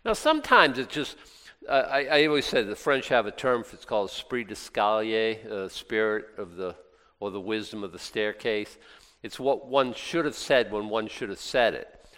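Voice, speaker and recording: A man preaching a sermon, reading scripture aloud and breaking into lively, sarcastic asides. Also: fairly low pitch, normal speed. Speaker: pastor. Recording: long hall reverb.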